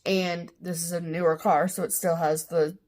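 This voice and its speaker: A woman's voice: fairly low pitch, little pitch movement, moderate pace, a little mellow. Chatty rambling woman sharing a story. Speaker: co-host of a cross-stitch show. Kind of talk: casual chat.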